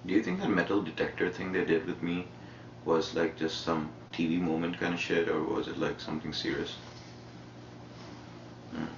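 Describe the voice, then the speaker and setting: A reality show contestant in a shared house chats casually in a laid-back, profane, rambling way. He has an Indian English accent and a low, steady voice at a moderate pace. The house-cam audio is muffled and roomy, with background noise.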